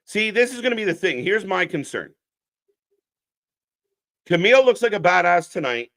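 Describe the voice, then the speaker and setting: On a live wrestling watch-along stream, a male host riffs bluntly and sarcastically with the chat, swearing constantly in unscripted alternative commentary. His voice is high-pitched, very animated and a bit bright, at a moderate pace.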